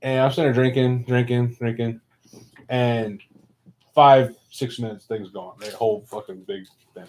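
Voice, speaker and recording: A man's voice: medium pitch, steady tone, moderate pace, darkish tone, rough recording. A man telling a rowdy drinking story among friends, laughing and swearing as he goes. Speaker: stream host. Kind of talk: casual chat among friends.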